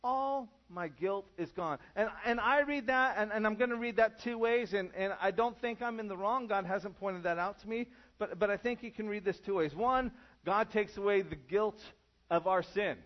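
A man delivering a sermon in a church, speaking in a loose, conversational way rather than a formal one. His voice sits a little higher than most men's, and the recording is muffled and lo-fi. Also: normal speed. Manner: casual, conversational preaching. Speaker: pastor. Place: church room with congregation.

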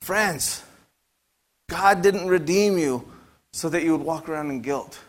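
A man's voice: a little high, measured pace. A male pastor preaching a sermon emphatically, firing off rhetorical questions and repeating phrases for emphasis.

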